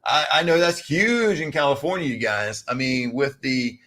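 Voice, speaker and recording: A man's voice: medium pitch, normal speed, bright, forceful tone. Chatty man rambling advice. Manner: rambling, addresses viewers as guys. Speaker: co-host. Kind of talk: casual advice chat. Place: lives in California.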